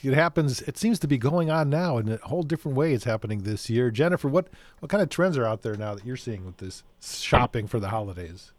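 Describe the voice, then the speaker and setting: A man's voice: mid-range voice, lively intonation, quick pace, dry recording. A man hosting a TV segment, chatty and loose, asking a guest questions with frequent restarts. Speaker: TV show host. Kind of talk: TV interview, hosting.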